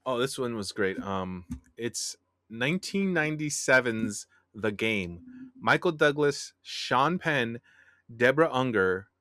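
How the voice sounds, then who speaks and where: A man's voice: mid-range voice, animated, takes it slowly, pushed and bright, no room sound, clean studio sound. A man on a podcast, casually and eagerly recommending a film. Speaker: podcast co-host. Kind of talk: casual chat.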